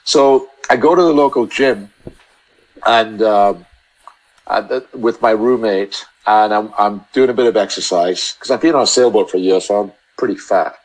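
Guy, lowish voice, rambling podcast stories with lots of restarts. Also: rough recording. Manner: rambling, halting anecdotes full of restarts. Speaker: podcast guest, entrepreneur. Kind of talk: casual storytelling chat.

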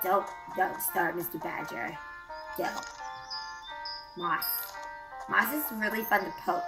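A woman VTuber chatting casually as she plays, excitable and quick to squeal and gasp at the animals. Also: lowish voice, loud music behind the voice, poor audio. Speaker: VTuber streamer. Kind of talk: casual gameplay commentary.

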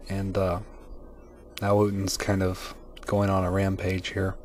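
A man directing a comic video, flustered and fussy, swinging from coaxing to shouting. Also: fairly low pitch, flat delivery, unhurried, slight background noise. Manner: fussy, calls people sweetie. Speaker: machinima director.

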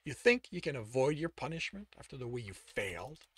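A man's voice: mid-range voice, very animated, a little fast, breathy edge, pitched below the performer's own voice. A man voicing a cruel, domineering father who berates his son with contempt. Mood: scornful. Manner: scornful, berating.

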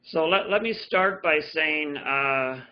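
Over a livestream, a man with a fairly high-pitched voice gives a fiddle lesson at a slow pace, his explanations loose and full of restarts and filler words. The sound comes through a computer mic on a video call, dull and lo-fi, with fiddle playing behind him.

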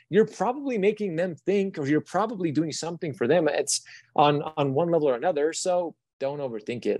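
A young man telling a story as a guest in an interview, earnest and animated, with frequent restarts. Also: medium pitch, dry recording.

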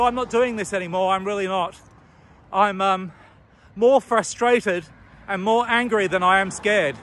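A middle-aged Australian man vlogging to camera outdoors on a city street, indignant and halting with many restarts. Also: high-pitched, a bit bright, slight background noise. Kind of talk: impassioned talking-to-camera vlog.

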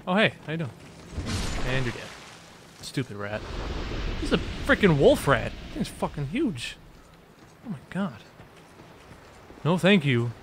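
A young man doing let's play commentary, excitable and sarcastic, trash-talking enemies and swearing. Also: fairly high pitch, unhurried, long pauses. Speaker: gaming video host. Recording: noisy background.

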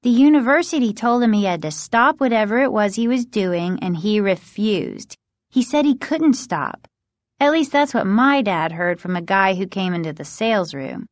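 A woman's voice: medium pitch, expressive, normal speed, dry recording, close to an everyday voice. Woman doing a blunt, gossipy preteen girl. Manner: blunt, confiding.

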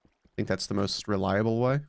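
A man's voice: on the low side, fairly even intonation, brisk, vocal fry. A man commenting casually on his game as a let's play host, sleepy and just woken up, musing aloud with plenty of fillers.

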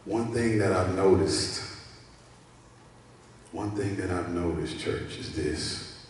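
A man preaches to his congregation at an unhurried, deliberate pace, his voice sitting low. He repeats his key lines and draws responses from the room. The sound is distant and washed in the long reverb of a church sanctuary. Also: slight background noise. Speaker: pastor. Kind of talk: sermon. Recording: echoey church hall, mic at a distance.

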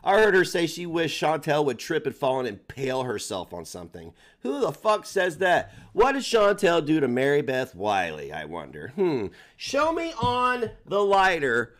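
A man's voice: a little high, very animated, moderate pace, hardly any pauses. A man mocking a streamer during his own live stream, sarcastic and profane. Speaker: commentary streamer.

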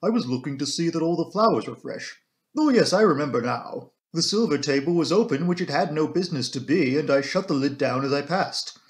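A man's voice: fairly high pitch, expressive, a little fast, natural voice. A man voicing a stern, composed female housekeeper in an audiobook, curt and a little aggressive.

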